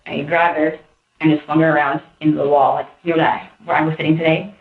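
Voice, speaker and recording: Woman, low voice, rambling animated account to police, tinny phone-like sound, echoey room. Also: quick pace. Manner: rambling, animated, many fillers. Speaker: interviewee. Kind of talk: recounting events to police.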